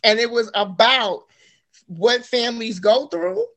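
A woman in her forties, an author guest telling her story in casual interview chat, animated and quick to laugh. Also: a little high. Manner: animated storyteller, laughs often, acts out quotes.

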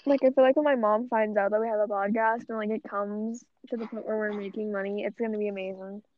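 A woman's voice: medium pitch, steady tone, fast, slight background noise. A young woman co-hosting a podcast, chatting casually and rambling, swearing often and saying "like" constantly. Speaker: podcast co-host. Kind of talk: casual chat. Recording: dull, lo-fi audio.

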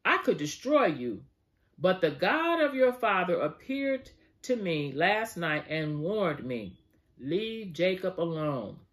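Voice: very animated, slow, a bit bright. A Bible teacher reading the lines of an angry old father-in-law who confronts his son-in-law with accusing questions. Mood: reproachful. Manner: accusing questions, raised pitch.

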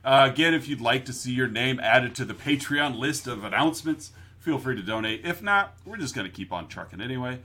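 A man co-hosting a movie podcast in casual chat, jokey and quick to laugh, often quoting films. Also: medium pitch, lively intonation, pushed and bright. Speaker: podcast co-host.

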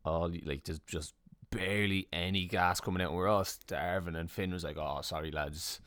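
A man's voice: low-pitched, steady tone, normal speed, a bit bright, smooth, no room sound. A young Irish man co-hosting a podcast in casual, laid-back chat, swearing and laughing easily. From Ireland. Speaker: podcast co-host.

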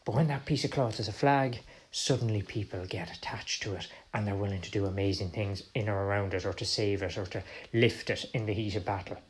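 Animated Irish man hosting a podcast. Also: on the low side, brisk, few pauses, a little hiss or hum. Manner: animated, acts out quoted voices, frequent restarts. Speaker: podcast host. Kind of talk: history podcast monologue.

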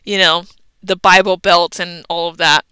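A woman's voice: fairly low pitch, flat delivery, normal speed, pushed and bright, clear, resonant tone, no room sound, low-quality recording. A young adult woman hosting a podcast, telling a story in a chatty, casual way and swearing freely. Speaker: podcast host.

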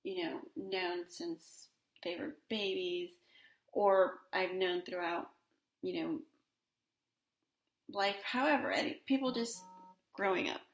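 A woman's voice: on the low side, takes it slowly, pauses often, echoey room. A woman in her forties hosting a solo podcast in a casual, rambling way, with many fillers and restarts. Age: 40s. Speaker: podcast host.

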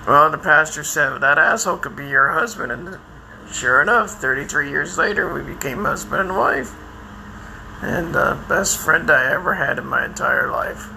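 Older guy rambling about his life, gravelly voice, kinda bright and sharp, faint noise behind. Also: a little high, low-quality recording. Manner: rambling, halting, with many restarts and fillers. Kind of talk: personal monologue. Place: outdoors by a house, lawnmower nearby.

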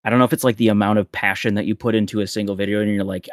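A young man talking as a guest on a podcast, rambling in a relaxed way with frequent laughs and fillers. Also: lowish voice, racing, no room sound, clean studio sound. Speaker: guest content creator. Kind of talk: casual podcast chat.

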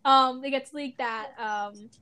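A woman's voice: high-pitched, fairly even intonation, takes it slowly, a crowd in the background. A young adult woman co-hosting a podcast, chatting casually with many fillers and "like", swearing now and then. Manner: rambling, many fillers and "like", swears, laughs often. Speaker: podcast co-host. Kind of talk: casual chat.

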